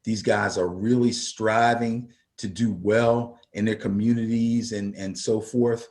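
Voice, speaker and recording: On a casual sports radio program about football, this male co-host speaks with a lowish, darkish voice at a measured pace and steady tone. He's emphatic and starts repeating words once he's fired up.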